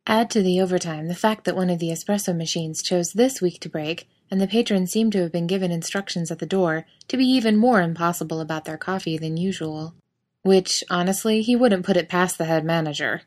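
A woman's voice: on the low side, brisk, darkish tone. Wry woman narrating a story. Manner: wry, sardonic.

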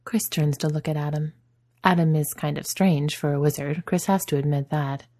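A woman narrating a story in a soft, even storytelling manner. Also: low voice, normal speed. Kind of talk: audiobook narration.

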